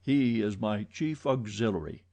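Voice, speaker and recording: Audiobook role: a man doing a smug, lecturing police commissary, warm mellow voice. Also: lowish voice, a little slow. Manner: pompous, lecturing. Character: self-satisfied police commissary, brisk and pompous.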